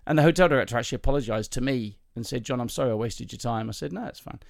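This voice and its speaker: A man's voice: mid-range voice, racing, creaky, no room sound, studio quality. A male comedian hosting a podcast, telling chatty, self-mocking anecdotes in a casual voice with plenty of ums and restarts. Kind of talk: casual storytelling chat.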